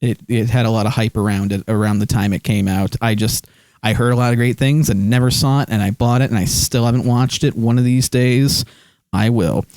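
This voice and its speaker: A man's voice: mid-range voice, steady tone, brisk, darkish tone, no echo. Rambling male streamer, dry close mic. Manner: rambling, many fillers, reads chat aloud. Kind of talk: casual live-stream chat. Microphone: close desk microphone.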